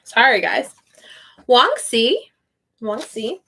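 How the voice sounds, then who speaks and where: Woman, online teacher, relaxed slow delivery, a little high, hesitant and careful. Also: creaky, breathy edge. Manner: hesitant, sounding out names slowly. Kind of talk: casual livestream chat.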